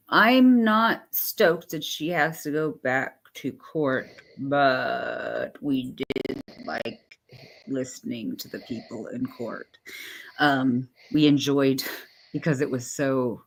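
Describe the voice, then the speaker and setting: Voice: medium pitch, fairly even intonation, slow pace, fairly bright tone. Rambling live-stream co-host. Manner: rambling, laughing and filling with "like". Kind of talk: casual chat with live chat.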